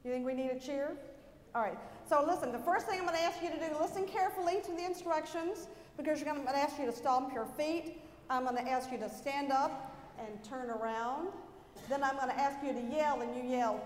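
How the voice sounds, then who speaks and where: High-voiced woman leading kids' cheers. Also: a little fast. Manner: upbeat, leads children in call-and-response cheers. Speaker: children's message leader. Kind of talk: children's moment in a church service. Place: large church sanctuary. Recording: echoey church hall, faint crowd and noise.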